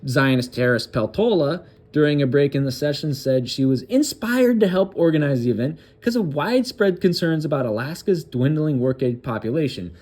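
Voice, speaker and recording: The host of a political commentary channel reads a news article aloud, breaking off for crude, sarcastic asides and restarting haltingly. He has a fairly high-pitched, animated voice with a slightly mellow quality.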